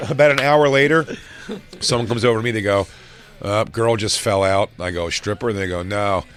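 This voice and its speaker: A man's voice: on the low side, a little fast, fairly bright tone, clean tone. A man co-hosting a casual talk show, telling rambling, profane stories and acting out drunk people he met. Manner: rambling, profane, acts out drunk fans in raised voices. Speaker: podcast co-host. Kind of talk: casual chat, storytelling.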